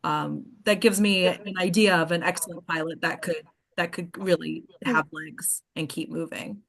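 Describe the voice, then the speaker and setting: A woman's voice: fairly low pitch, steady tone, moderate pace, vocal fry, fairly bright tone. A woman leading an acting workshop in a casual group discussion, encouraging and often checking in with the group. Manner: encouraging, keeps checking in with "right?".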